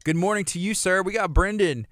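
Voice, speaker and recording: A man's voice: sits high, brisk, a bit bright, dry recording. A man from Texas hosting a live radio show in a studio, chatting upbeat and promoting events. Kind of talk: casual live radio chat.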